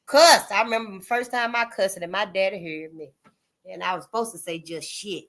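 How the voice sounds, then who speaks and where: A woman's voice: medium pitch, a little fast, fairly bright tone. A woman hosting her own channel, talking straight to her listeners in a blunt, emphatic monologue, cussing freely and repeating points to drive them home. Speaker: channel host. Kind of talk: casual spoken commentary monologue.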